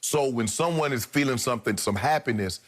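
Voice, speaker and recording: A middle-aged man co-hosting a studio sports debate, talking in a colloquial, animated and incredulous way. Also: medium pitch, brisk.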